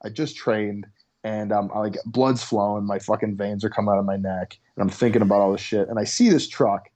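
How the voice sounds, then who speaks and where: A man's voice: lowish voice, steady tone, brisk, darkish tone. A young adult male comedian telling a story in casual chat over a video call, in an intense, profane way. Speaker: comedian guest.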